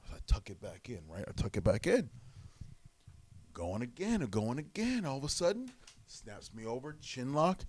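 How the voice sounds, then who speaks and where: Casting: man, a wrestling guest on a podcast, a lively storyteller. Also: mid-range voice, normal speed. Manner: animated storyteller, acts out quotes. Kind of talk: storytelling interview.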